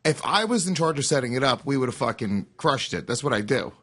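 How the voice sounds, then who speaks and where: American male podcast co-host, brash and foul-mouthed, mid-pitched speaking voice. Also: expressive, fast talker, fairly bright tone. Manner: brash, swears freely. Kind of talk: casual podcast banter.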